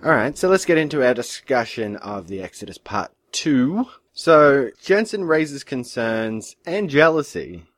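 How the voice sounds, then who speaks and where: A man co-hosting a podcast, talking through an episode's plot in a steady, casual way. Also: medium pitch, a little slow, few pauses, no echo. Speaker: podcast co-host. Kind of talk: casual recap chat.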